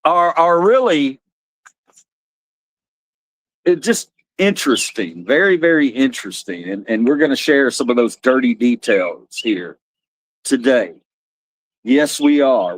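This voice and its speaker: A man hosting a casual livestream, rambling, blunt and quick to swear. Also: mid-range voice, no room sound. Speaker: livestream host.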